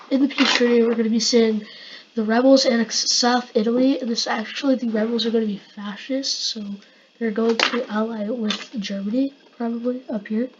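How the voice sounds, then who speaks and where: A woman's voice: mid-range voice, breathy edge, dull audio. A woman casually narrating an imagined war over a map, rambling and loose, with fillers.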